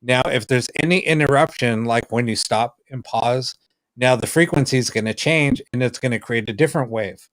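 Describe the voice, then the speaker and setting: A man's voice: mid-range voice, moderate pace, no room sound, low-quality recording. A man co-hosting a podcast, telling a story in casual chat and acting out the quoted lines of other people. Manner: animated, acts out quoted dialogue. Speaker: podcast co-host, paranormal investigator.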